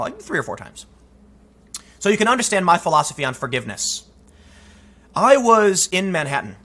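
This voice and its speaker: Male political commentator, emphatic and talky; forceful delivery with a husky rasp. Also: medium pitch. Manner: emphatic, conversational, frequent restarts. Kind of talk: opinion commentary, storytelling.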